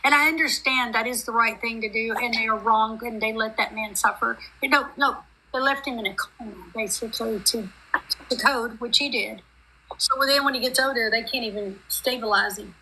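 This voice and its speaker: A woman's voice: a little high, fairly quick, pushed and bright, a little hiss or hum, rough recording. A middle-aged woman, chatting on a live stream call in a rambling, heartfelt, run-on way. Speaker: guest on a group live stream. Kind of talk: emotional casual chat.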